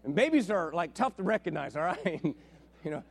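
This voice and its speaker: A male pastor preaching with a high, lively voice, acting out stories with bursts of energy. He often drops to a quiet, intimate hush for the serious moments of his sermon. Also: fairly quick, gravelly, breathy edge. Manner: storytelling, animated, drops to a hushed tone.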